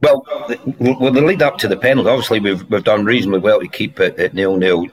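A former footballer, a man, guest on a podcast, telling anecdotes in a lively way and laughing through his stories. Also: fairly low pitch, quick pace. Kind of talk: anecdotal storytelling.

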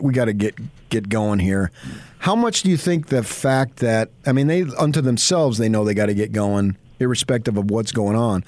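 A man's voice: mid-range voice, a little mellow, dry recording. A man hosting a sports radio show, enthusiastic and rambling through long stories and questions. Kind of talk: casual radio interview.

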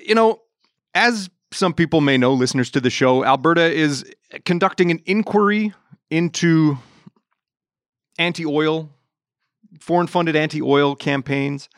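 A man's voice: fairly high pitch, measured pace, long pauses, clear, resonant tone, dry recording, studio quality. A man filling in as host of a podcast panel, talking in a loose, joking way with many fillers. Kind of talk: casual panel chat.

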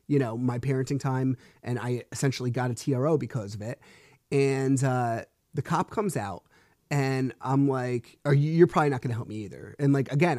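On his solo podcast, a male host in his thirties tells a story in a frustrated, rambling way, swearing and restarting as he goes. His voice is medium-pitched and mellow, recorded clean in a studio with no room sound.

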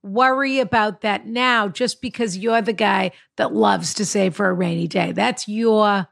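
Creaky-voiced middle-aged woman giving advice. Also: mid-range voice, fairly even intonation, a little slow, dry recording, studio quality. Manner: wry, matter-of-fact, plainspoken. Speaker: advice podcast co-host. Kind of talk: casual advice chat.

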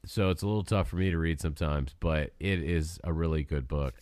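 An older man co-hosting a podcast in casual chat, playful and quick to laugh. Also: rumbling low, a little mellow, no echo, studio quality. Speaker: podcast co-host.

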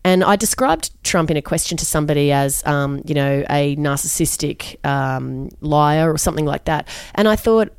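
A woman's voice: sits low, normal speed, few pauses, smooth, no echo, studio quality. A middle-aged woman, a journalist guest, talking frankly and bluntly in an interview, often restarting her sentences. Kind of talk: candid interview conversation.

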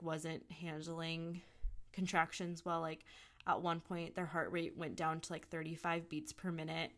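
A young woman, a podcast guest, telling a personal story in a chatty way, full of "like" and acted-out quotes. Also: fairly low pitch. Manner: chatty, heavy use of "like", quotes others in lively voices. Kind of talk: casual storytelling.

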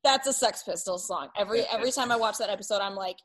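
A woman in her twenties co-hosting a chatty podcast, talking like an excited fan and filling her sentences with "like." Her voice sits at an ordinary pitch. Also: fast talker, poor audio. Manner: enthusiastic fan, lots of "like". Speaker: podcast co-host. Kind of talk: casual chat.

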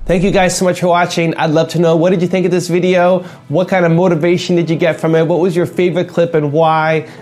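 A man's voice: fairly high pitch, little pitch movement, fast, few pauses, darkish tone. A male channel host signing off, speaking directly to viewers and encouraging them. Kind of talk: video sign-off.

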